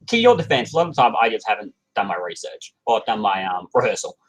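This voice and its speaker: Husky, lively podcast co-host man. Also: on the low side, fast talker, low-quality recording. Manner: animated, slips into silly character voices. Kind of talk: casual live chat.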